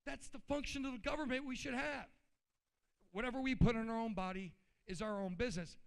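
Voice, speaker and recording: A man with a high, light voice speaks at a convention podium, blunt and riled up. He talks in a loose, colloquial way and keeps jumping between plain explanation and heated outbursts. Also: fairly quick, vocal fry, smooth. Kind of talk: informal political speech. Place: convention hall.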